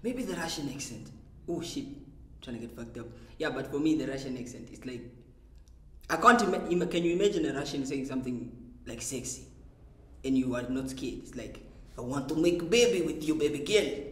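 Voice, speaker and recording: A man of mid pitch jokes in an offbeat way during a casual group chat, stopping and restarting his sentences. His voice echoes in the room. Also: lively intonation, pushed and bright. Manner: halting, offbeat humor. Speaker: podcast guest.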